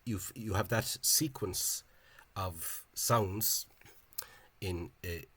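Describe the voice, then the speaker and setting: A man's voice: sits low, extremely slow, bright, forceful tone, slightly rough. A man giving an informal, digressive explanation in a video, thinking aloud in a scholarly way. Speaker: Irish-language spelling enthusiast.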